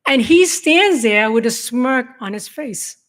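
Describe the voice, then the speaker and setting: A middle-aged woman telling her own story to a room of law enforcement, in a halting, emotional testimony full of restarts. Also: sits high, animated, a bit bright. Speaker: survivor giving a talk to law enforcement. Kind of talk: personal testimony speech.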